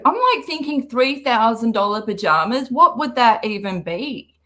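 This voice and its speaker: A woman hosting a reaction livestream, talking in an animated, sarcastic way and laughing often. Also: fairly high pitch, a little slow. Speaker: livestream host.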